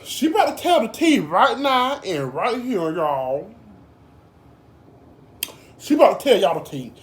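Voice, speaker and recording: Woman spilling the tea real slow, calls everyone girl, echoey room. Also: medium pitch, sing-song. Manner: chatty, addresses viewers as y'all and girl. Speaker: drama commentary vlogger. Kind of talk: casual gossip commentary.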